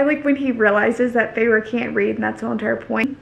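A woman's voice: high voice, level tone, brisk, gravelly, lo-fi sound. A woman vlogging a casual book reread, reading passages aloud and reacting to them in a chatty, gushing way full of "like". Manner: chatty and gushing, heavy use of "like".

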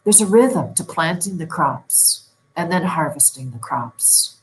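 A middle-aged woman coaching viewers through a guided relaxation lesson for better sleep, giving slow, soothing instructions. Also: on the low side, lively intonation, rough recording. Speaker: sleep and stress management coach.

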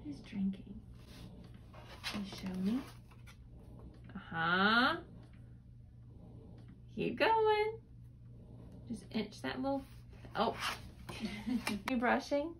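A woman's voice: on the high side, big pitch swings, very slow, long pauses, noisy background. A woman talking in sing-song, encouraging baby talk to a young child at home, in a home video. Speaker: caregiver mother.

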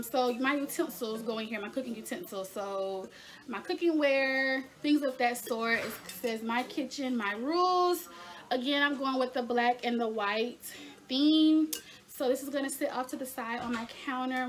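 A young woman chatting casually in a home haul video, talking to her viewers as y'all. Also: high-pitched. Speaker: lifestyle vlogger.

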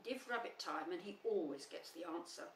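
A woman's voice: fairly low pitch, expressive, moderate pace, lightly acted. A woman voicing a gloomy old donkey who speaks coldly and sarcastically. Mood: sardonic. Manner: cold, dry, sardonic. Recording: roomy, slightly distant, faint hum.

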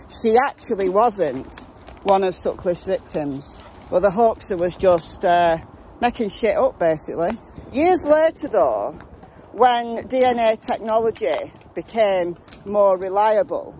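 Brief: woman host, mellow tone, chatty true-crime storytelling, recorded outdoors with faint traffic. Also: mid-range voice, low-quality recording. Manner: conversational, with asides and restarts. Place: outdoors, walking near traffic.

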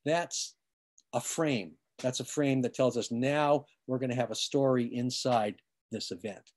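A man's voice: mid-range voice, unhurried. A man giving an online lecture about music history, explaining patiently with many fillers and restarts, and now and then humming a rhythm.

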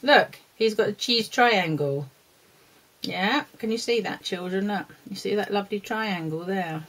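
A woman's voice: medium pitch, measured pace, fairly bright tone, poor audio. A woman presenting a children's lesson, talking fondly to a puppet and the viewers. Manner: talks fondly to a puppet dog and the children, with laughs and scolding.

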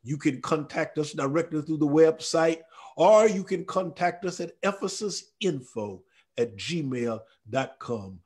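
A man preaching a Bible study sermon as pastor, fervent, swinging from near shouts down to a hush. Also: a little high, animated, measured pace, slightly rough. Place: church or ministry room.

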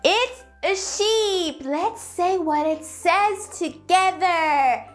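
A woman teaching toddlers in a slow, sing-song lesson voice, asking exaggerated, cheerful questions and drawing out her words. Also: very high voice. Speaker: children's teacher. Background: faint background music.

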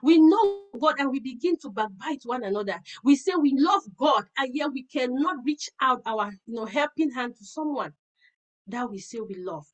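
High-voiced woman preaching a sermon. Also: moderate pace, low-quality recording. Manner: earnest, animated storytelling with laughs and repeated words. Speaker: women's fellowship preacher. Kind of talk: sermon with personal stories.

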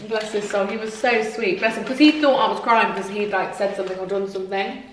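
A woman's voice: mid-range voice, steady tone, quick pace, slight background noise. A woman in her twenties chatting casually and retelling a story with lots of "like". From England. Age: 20s. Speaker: vlog co-host. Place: home room. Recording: echoey room, mic at a distance.

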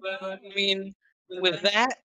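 Bright, eager tabletop player. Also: mid-range voice, level tone, slow. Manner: eager, laughs often, asks rules questions. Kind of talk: tabletop game chat.

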